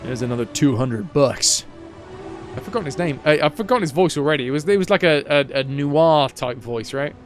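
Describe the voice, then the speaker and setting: This man's voice is a little high and fast, with hardly any pauses and soft music in the background. He's streaming a game and chatting loosely, wandering from joke to joke while repeatedly breaking off and restarting his sentences.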